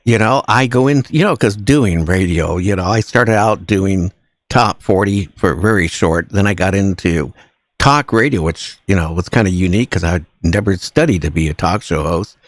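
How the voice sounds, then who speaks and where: A man's voice: sits low, normal speed, no room sound. A man from the US West Coast hosting a talk show, chatting in an easygoing way with plenty of fillers. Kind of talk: casual interview chat.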